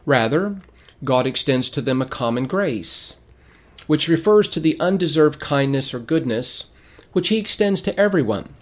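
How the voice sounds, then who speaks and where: A man teaching a sermon in a measured way, reading quotations aloud, who is losing his voice and keeps clearing his throat. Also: a little high, expressive. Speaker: preacher.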